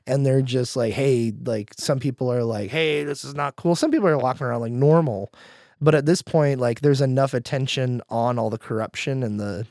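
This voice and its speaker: A man co-hosting a podcast in casual chat, relaxed and loose, with lots of filler words. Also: mid-range voice, brisk, no room sound, clean studio sound. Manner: relaxed, filler-heavy with frequent likes. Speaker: podcast co-host.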